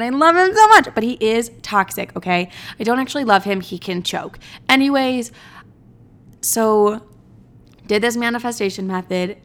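Animated young woman telling a dramatic story. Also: mid-range voice. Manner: animated, dramatic, swears freely, mocks herself. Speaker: vlogger. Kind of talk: casual storytelling to camera.

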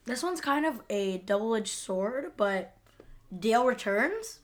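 A woman chatting casually as a podcast co-host, quick to laugh and agree while recapping a TV episode. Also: on the high side, sing-song.

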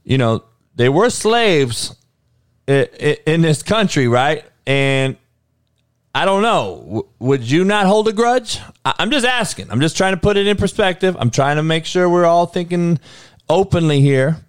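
A livestream host with a fairly high, animated, smooth voice answers his chat at a measured pace. He gets heated and profane, fires off rhetorical questions, and keeps restarting and stammering out repeats. The recording is dry, with clean studio sound.

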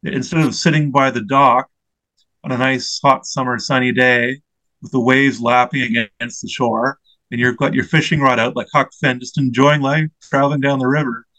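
A man's voice: medium pitch, steady tone, normal speed, pushed and bright, low-quality recording. Earnest, reflective man in his forties. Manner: earnest and reflective, searching for words. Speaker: interview guest, mental health advocate. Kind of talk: personal storytelling in an interview.

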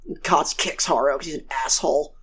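Speaking fairly quickly, this podcast co-host has a deep, fairly bright voice with a breathy edge. She recaps episodes in a loose, profane, rambling style and acts out the characters whose lines she quotes.

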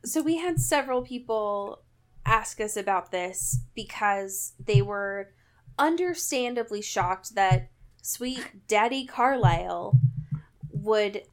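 A woman's voice: mid-range voice, lively intonation, slow. A woman in casual chat, recapping a book with sarcasm and frequent laughter. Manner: sarcastic, laughs often, reads passages in mock voices. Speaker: podcast co-host.

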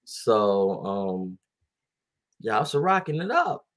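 A man's voice: on the low side, big pitch swings, slow pace, fairly bright tone. A young man in his twenties co-hosting a podcast, telling stories in a laid-back, slangy way and laughing often. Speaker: podcast co-host. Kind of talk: casual chat.

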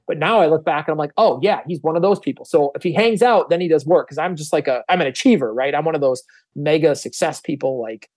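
A man talks at a rapid clip in a fairly high voice, a music producer chatting casually. He acts out the people in his stories and drops the odd curse word. The recording is dry and close, with no room sound. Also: no room sound. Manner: fast, animated storytelling, acting out other people's voices; swears casually. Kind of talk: casual podcast chat.

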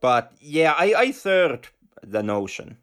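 A man's voice: on the high side, sing-song, slow, clean tone. A man co-hosting a film podcast, talking casually with hesitant restarts. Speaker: podcast co-host.

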